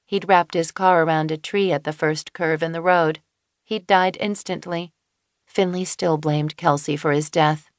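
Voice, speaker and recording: A woman narrating an audiobook in a measured way, with dry inner asides. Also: low-pitched, steady tone, dry recording. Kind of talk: scripted narration. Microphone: close studio mic.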